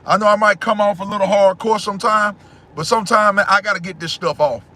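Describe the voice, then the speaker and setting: A man hosting a casual livestream, answering his chat in a loud, preachy way and repeating phrases. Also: sits high, steady tone, fast talker.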